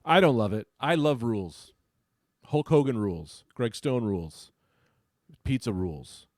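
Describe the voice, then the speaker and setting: A man's voice: medium pitch, very animated, unhurried, no room sound, clean studio sound. Goofy riffing male podcast co-host. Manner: goofy, riffing, jumps between bits. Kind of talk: casual comedic chat.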